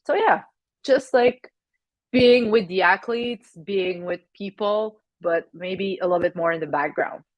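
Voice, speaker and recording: A young woman from Canada with a French Canadian accent, a native French speaker, chatting as a podcast guest, hesitant with many fillers and quick laughs. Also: medium pitch, no echo, dull audio. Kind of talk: casual interview chat.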